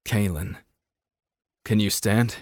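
A terse, hardened young man, as a male audiobook narrator puts him on, speaking in clipped, uncompromising commands. The voice sits fairly low, and the sound is close and dry. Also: takes it slowly, darkish tone, dry recording. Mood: steely.

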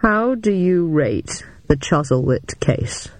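A narrator voicing a calm, guarded middle-aged male agent who speaks slowly and quietly. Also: fairly high pitch, dry recording. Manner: slow, hushed, measured.

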